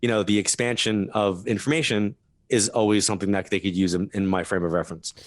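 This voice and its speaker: Lively storytelling man, dry close sound. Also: fairly low pitch, no room sound. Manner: laughs through his stories, quick asides. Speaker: guest medium. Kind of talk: animated storytelling interview.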